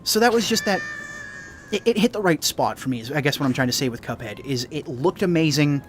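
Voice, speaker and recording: A man's voice: a little high, lively intonation, a little fast, a little hiss or hum. A young man with a Canadian accent, a gaming YouTuber rambling through casual chat and often correcting himself. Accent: Canadian English.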